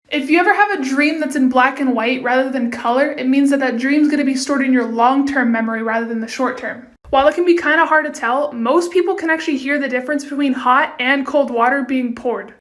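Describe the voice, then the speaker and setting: Chatty, fast-talking young woman. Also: high-pitched. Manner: chatty, quick, swears casually. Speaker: TikTok creator. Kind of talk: casual fact-sharing monologue.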